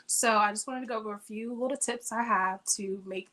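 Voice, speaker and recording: A woman's voice: fairly high pitch, steady tone, fairly quick, bright, forceful tone. A woman shares home decorating tips in a chatty, upbeat way. She speaks straight to her audience as if they were friends. She is talking from her bedroom over a video call. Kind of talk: casual how-to talk.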